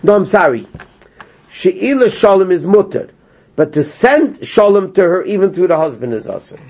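A man teaching a small class, retelling a story with lively energy and translating as he goes. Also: high-pitched, normal speed. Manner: animated storyteller, translating line by line, laughs often. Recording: lo-fi dull sound.

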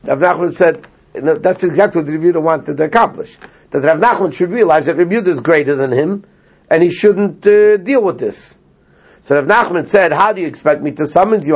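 Male teacher, upbeat storyteller, slightly high register, muffled lo-fi audio. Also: slightly rough. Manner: animated storyteller, translating line by line, laughs often. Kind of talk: retelling and explaining a text to a small class. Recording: lo-fi dull sound.

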